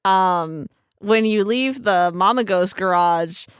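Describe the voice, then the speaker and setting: A woman co-hosting a podcast in casual chat, an animated storyteller who acts out the people she quotes. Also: medium pitch, slow, clear, resonant tone, dry recording, clean studio sound. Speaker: podcast co-host.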